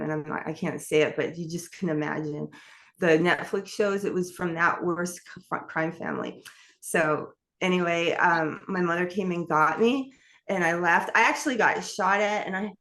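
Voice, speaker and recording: Her voice sits on the low side but has a fairly bright tone. This middle-aged New Yorker, a guest in an interview, tells her life story openly and meanderingly, breaking into laughter again and again.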